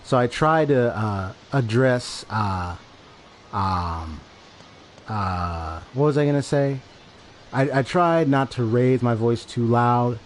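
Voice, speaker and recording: A game streamer talks casually to his chat through a desk microphone, rambling and repeating himself as he explains himself. His mid-range voice has lively intonation and a slow pace, with a little hiss or hum.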